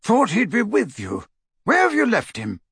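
A man reading an audiobook voices a gruff, scornful old male barman who talks bluntly and sarcastically. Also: high voice, huge pitch swings, moderate pace, a bit bright, dry recording, clean studio sound, voice pushed up, exaggerated voice.

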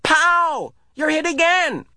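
A man voicing an irritable, bossy preteen boy in a storybook reading, loud and shrill. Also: expressive, takes it slowly, no echo, studio quality, full character voice. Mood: shouting.

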